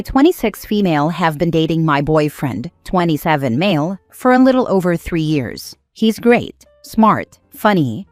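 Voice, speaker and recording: A woman narrating online posts and comments aloud in an even, conversational storytime read. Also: on the low side, no echo. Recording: dry close voice over faint music. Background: faint background music.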